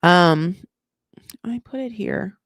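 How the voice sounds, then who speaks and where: A woman hosting a casual TV recap, rambling with sarcastic, animated asides. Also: mid-range voice, takes it slowly, dry recording, studio quality. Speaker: recap host.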